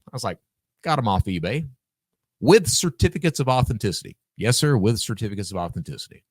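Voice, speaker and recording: A man's voice: lowish voice, fast talker, dry recording, studio quality. A man guest on a podcast, telling a story casually, acting out the dialogue and swearing freely. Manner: animated, acts out quoted dialogue, swears freely.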